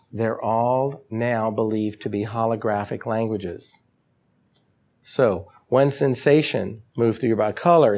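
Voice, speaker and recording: A man giving a live lecture to an audience, animated and emphatic, full of rhetorical questions. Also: medium pitch, creaky. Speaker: lecturer on trauma healing.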